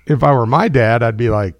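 A man's voice: medium pitch, no echo, lo-fi sound. A middle-aged man, a father hosting a talk show, musing in a rambling, self-deprecating way and laughing easily. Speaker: radio show host and father. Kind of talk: casual talk-show chat.

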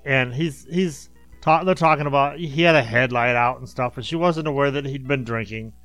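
A man's voice: medium pitch, normal speed, fairly bright tone, soft background music. Laughing man telling a story. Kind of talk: casual chat.

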